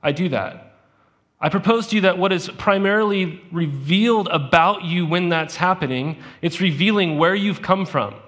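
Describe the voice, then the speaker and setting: A man with a somewhat high-pitched voice delivers a sermon as a pastor. He keeps it conversational, posing questions to the congregation rather than lecturing. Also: normal speed, hardly any pauses, a bit bright.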